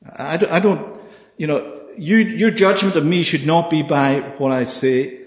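A man preaching a Bible study sermon, animated and often checking with his listeners through questions. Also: on the high side, unhurried. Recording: echoey hall, dull sound.

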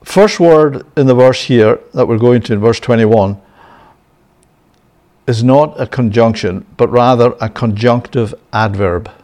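A man's voice: medium pitch, unhurried, darkish tone. A man giving a sermon-style Bible lesson, often checking in with "yeah?" and "right?" and chuckling. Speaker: Bible teacher.

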